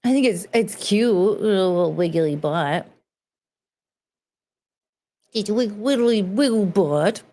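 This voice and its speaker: A woman's voice: mid-range voice, expressive, moderate pace, warm tone. Blunt rambling woman host. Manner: rambling, blunt, swears casually. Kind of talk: casual chat reacting to clips.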